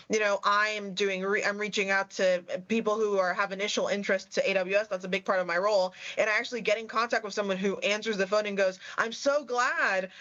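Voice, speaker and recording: A woman's voice: medium pitch, a bit bright, muffled recording. A woman from Puerto Rico with a Puerto Rican accent, chatting as a panel guest and telling anecdotes with plenty of fillers. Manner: chatty, storytelling, many fillers. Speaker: tech sales guest. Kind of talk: panel conversation.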